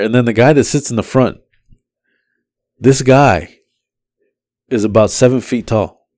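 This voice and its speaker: A mid-pitched man, chatting casually as a podcast co-host. He tells a rideshare story with animated delivery, popping into higher voices for his passengers. The sound is dry and close. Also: moderate pace, pauses often, no room sound. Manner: animated, acts out passengers' lines in raised voices.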